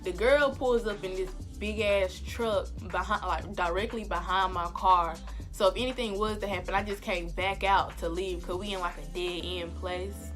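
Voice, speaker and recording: A young woman vlogger telling a story in a casual, animated, slangy way. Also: mid-range voice, moderate pace, soft background music. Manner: animated and slangy, acting out the exchanges.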